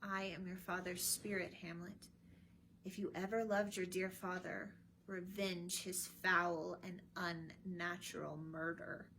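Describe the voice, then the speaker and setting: A woman voicing the ghost of a dead king, speaking slowly in a solemn, hollow voice for a storybook reading. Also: fairly low pitch, little pitch movement, sharp tone, slight background noise, heavily acted. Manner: slow, grave, hollow delivery.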